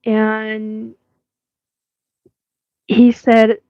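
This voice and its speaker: Slow-talking woman in her fifties, laughing. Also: a little high, completely flat delivery, no echo, muffled recording. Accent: US West Coast. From Washington State, USA. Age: 50s. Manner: rambling, laughs often, many fillers. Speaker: livestream host. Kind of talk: casual live chat reading comments.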